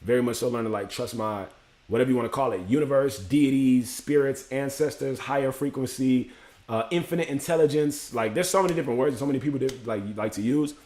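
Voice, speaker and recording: Fast-talking man, echoey room. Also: mid-range voice. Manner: animated, acts out inner voices with slang. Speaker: livestream host. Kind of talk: casual motivational monologue.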